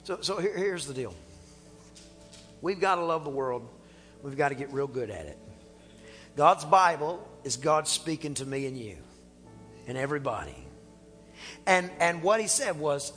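A male pastor preaching a sermon in a church, animated and playful, acting out little dialogues as he talks. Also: on the high side, moderate pace, pauses often, in a large hall, faint music behind. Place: church sanctuary.

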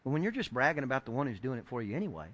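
A middle-aged man preaching a sermon, telling a story with lively acted-out quotes and building to shouted points. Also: medium pitch, rapid-fire. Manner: animated storyteller acting out quoted voices, rising to shouts. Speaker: pastor.

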